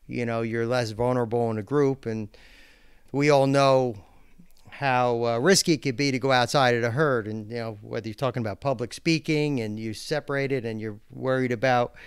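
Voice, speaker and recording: A man talks as a guest on a podcast, earnest and reflective. His voice sits at a middle pitch and sounds smooth and clear. The recording is dry. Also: steady tone, normal speed, no echo. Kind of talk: casual podcast conversation.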